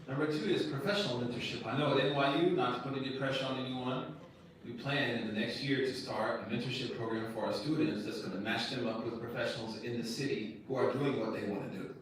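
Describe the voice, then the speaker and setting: A man's voice: medium pitch, fast, a little hiss or hum. A man, an imam, giving a casual lecture to students, talking directly and conversationally with slang and rhetorical questions. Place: university lecture room. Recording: echoey room, picked up from a distance.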